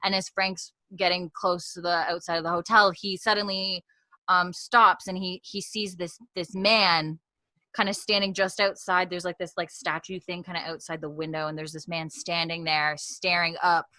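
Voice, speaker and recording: A woman's voice: on the low side, level tone, moderate pace, pushed and bright, no echo. A young woman co-hosting a casual podcast, animatedly recapping a TV episode and acting out the characters' lines.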